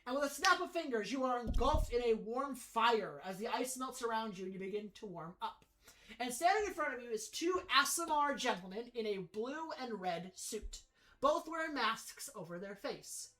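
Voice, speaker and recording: A woman's voice: on the high side, expressive, normal speed, a bit bright, poor audio. A woman running a tabletop game as game master, narrating dramatically with frequent restarts.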